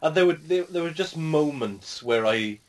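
A man's voice: on the high side, animated, normal speed, slight background noise. A man casually talking about a film in a hesitant, rambling way, with many fillers. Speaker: podcast co-host.

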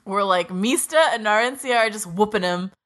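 A woman's voice: mid-range voice, moderate pace, fairly bright tone. A woman co-hosting a podcast, chatting casually and animatedly about an anime, swearing freely and laughing often. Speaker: podcast co-host. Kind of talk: casual chat recapping an anime.

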